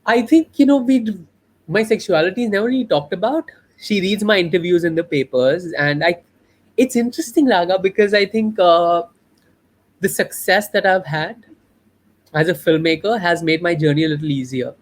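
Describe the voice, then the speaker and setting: A man's voice: sits high, normal speed. A young adult man from India, a filmmaker, telling a personal story in an interview in an earnest, heartfelt, reflective way.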